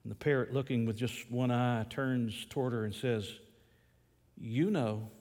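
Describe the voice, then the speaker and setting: A man's voice: medium pitch, fairly even intonation, normal speed, a little mellow, a little hiss or hum. Folksy male preacher in a reverberant hall. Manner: folksy storyteller. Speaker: pastor. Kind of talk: sermon with a joke.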